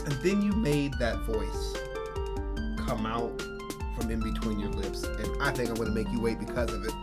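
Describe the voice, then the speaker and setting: A man's voice: lowish voice, normal speed, loud music behind the voice. A man hosting a reaction video, talking casually, teasing and swearing freely. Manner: animated, profane, teasing. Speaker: channel host reacting to videos.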